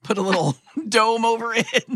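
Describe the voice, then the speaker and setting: Woman cohost cracking jokes and laughing, bright, dry studio sound. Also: on the high side, husky, no room sound. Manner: playful, laughs a lot, gives joking advice. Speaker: podcast co-host. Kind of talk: casual chat.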